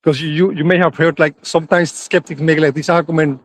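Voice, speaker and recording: A man calling into a live stream with a question, speaking in halting bursts and repeating words as he goes. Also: a little high, fairly even intonation, dry recording, clean studio sound. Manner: halting, repeats words while finding his point. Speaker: caller. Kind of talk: casual conversation.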